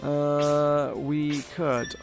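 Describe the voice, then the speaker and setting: A man's voice: on the high side, flat delivery, drawn-out words, creaky, soft background music. A man playing a video game with a friend, chatting casually and reading the on-screen game text aloud. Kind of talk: casual let's-play chat.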